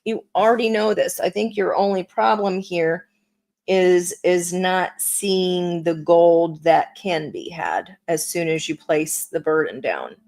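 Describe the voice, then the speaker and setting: A woman's voice: lowish voice, takes it slowly, vocal fry, darkish tone. A woman giving a live tarot reading, chatty and encouraging, with plenty of fillers. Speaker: tarot reader.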